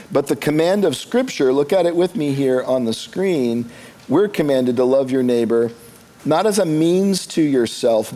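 A pastor preaching conversationally. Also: male voice, mid-range voice, warm tone. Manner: conversational, with humorous asides. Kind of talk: sermon.

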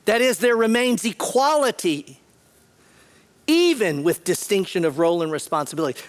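A man preaching a sermon as pastor, earnest, often repeating words and clearing his throat. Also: sits high.

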